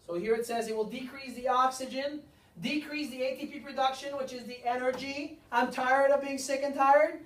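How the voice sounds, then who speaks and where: A man's voice: very high voice, fairly even intonation, moderate pace, fairly bright tone. A man, a chiropractor, giving a seminar to a live audience, speaking emphatically with repeated lines and rhetorical questions. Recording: echoey room, mic far off.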